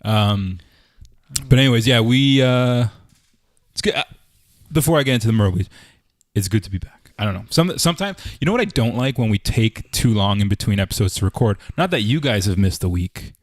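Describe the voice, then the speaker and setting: A man's voice: on the low side, lively intonation, brisk, no echo, studio quality. A man in his thirties from Canada, co-hosting a casual podcast and rambling with fillers and restarts. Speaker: podcast co-host. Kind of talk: casual chat.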